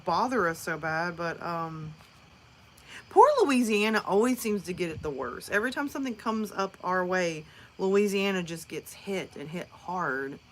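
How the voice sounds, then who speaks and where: A woman's voice: lowish voice, lively intonation, a little slow, fairly bright tone, slight background noise. A woman from northern Alabama with a Southern American accent, chatting casually and rambling with viewers on a live stream, laughing often. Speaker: livestream host.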